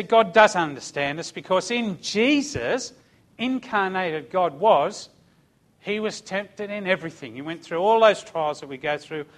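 A middle-aged man, preaching a sermon and telling a personal story, dropping to a hush and then rising to loud cries. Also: high-pitched. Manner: storytelling, swinging from hushed to shouting. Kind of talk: sermon testimony.

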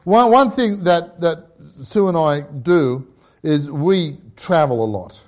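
Slow-paced and expressive, this high-voiced, middle-aged Australian pastor preaches a funny sermon built on stories and jokes. He laughs at his own remarks in a conversational, storytelling style.

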